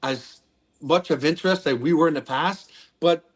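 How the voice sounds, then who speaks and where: Guest: man, 50s, chatty storyteller, slightly high voice. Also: normal speed, breathy edge. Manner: rambling storyteller with many restarts. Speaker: guest, former pro hockey player. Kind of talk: casual podcast interview.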